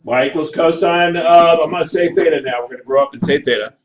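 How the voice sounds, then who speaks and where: Animated high-voiced male math teacher. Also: fast, slight background noise, rough recording. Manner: animated, asks the class for checks. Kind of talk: classroom lecture. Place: classroom.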